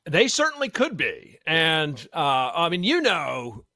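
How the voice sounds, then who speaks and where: A man talks as a guest on a radio show. His voice is bright, forceful and fairly high, and he thinks aloud with many fillers and restarts. The sound is dry and close. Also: wildly swooping pitch, slow pace, no echo. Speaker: law professor guest. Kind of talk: casual radio interview. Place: radio studio.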